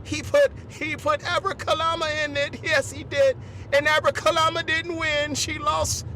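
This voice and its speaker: A man's voice: very high voice, flat delivery, moderate pace, bright, forceful tone, a little hiss or hum. A man hosting a comedy podcast, rambling through his bits, chuckling often and repeatedly asking if you follow him. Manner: repetitive, chuckling, keeps asking "you know what I'm saying".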